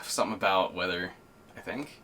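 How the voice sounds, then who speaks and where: A man in his twenties, chatting casually as a podcast co-host, rambling and animated. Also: low-pitched, a little fast, a little hiss or hum. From Canada, Nova Scotia. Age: 20s. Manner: rambling, animated, puts on silly voices for quotes. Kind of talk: casual chat.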